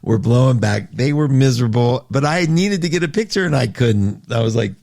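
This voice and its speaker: A man hosting a casual astrology livestream. He reads listener comments aloud and answers them, and his talk swings between loud, laughing outbursts and soft asides. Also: mid-range voice, expressive, brisk, vocal fry, no room sound, clean studio sound. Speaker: astrology show host.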